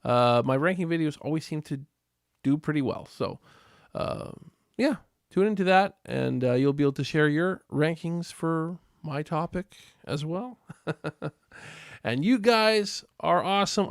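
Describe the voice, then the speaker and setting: A man's voice: fairly high pitch, lively intonation, unhurried, clean tone, dry recording, clean studio sound. A man from Western Canada hosting a casual live stream, rambling and chatty as he answers viewers in the chat. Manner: rambling, chatty, laughs often. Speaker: livestream host.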